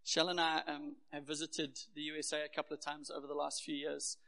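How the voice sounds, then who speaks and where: A man's voice: on the high side, little pitch movement, a little fast, creaky, sharp tone. A man from Durban with a South African accent, preaching a sermon in a church in an earnest, personal, conversational way. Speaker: pastor. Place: church hall. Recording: echoey hall.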